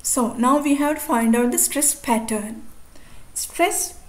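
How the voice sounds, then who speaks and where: A Sri Lankan woman teaching an English lesson on poetic metre, explaining slowly and counting syllables aloud. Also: high voice. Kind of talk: recorded video lesson. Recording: echoey room, faint ambient noise.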